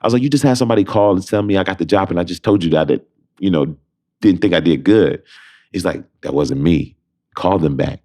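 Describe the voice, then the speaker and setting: A man with a very low, deep bass voice tells his story with great animation, jumping into the voices of the people he talks about. He is a young adult from Detroit and a Broadway performer, speaking as a podcast guest in casual conversation. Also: a little fast. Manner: lively storyteller who acts out both sides of phone calls.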